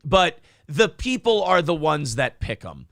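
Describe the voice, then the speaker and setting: Animated, profane talk-show host. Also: male voice, fairly high pitch, measured pace, vocal fry, no room sound, clean studio sound. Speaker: podcast host. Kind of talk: casual talk show banter.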